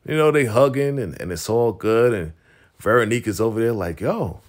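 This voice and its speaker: A man with a fairly low voice runs through a TV episode recap. He talks casually and loosely, full of slang and fillers, and slips into the characters' lines as he goes. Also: lively intonation, brisk. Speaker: TV recap reviewer.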